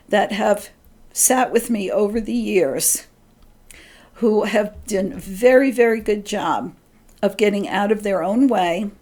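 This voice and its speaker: A middle-aged woman giving an earnest spiritual talk, gently coaching listeners about their intuition. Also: medium pitch. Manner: gentle, earnest, quotes her inner voice in a lighter tone. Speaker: spiritual teacher.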